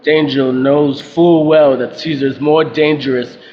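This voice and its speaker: A man's voice: fairly high pitch, fairly even intonation, unhurried, lightly acted. A man playing a proud, commanding Roman ruler in an audio drama, speaking in a stately, declamatory way. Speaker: actor playing Caesar. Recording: dull lo-fi with faint noise.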